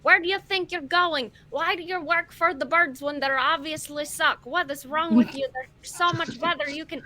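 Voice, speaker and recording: A woman voicing a brash, self-important noble character who taunts loudly in a tabletop game. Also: sits high, moderate pace, a little hiss or hum, pitched above the performer's own voice. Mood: taunting. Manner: loud, taunting.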